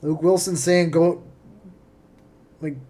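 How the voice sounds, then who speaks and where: A man hosting a live watchalong stream, giving casual play-by-play commentary as an excitable fan who swings between quiet muttering and loud cheering. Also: a little high, slow pace. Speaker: livestream watchalong host.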